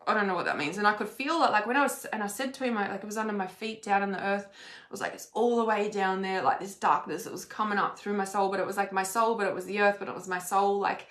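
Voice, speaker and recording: A woman's voice: medium pitch, fairly even intonation, quick pace, a bit bright. A woman telling a personal story in a casual, rambling way, full of "like" and frequent swearing. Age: adult. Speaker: spiritual vlogger. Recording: roomy echo.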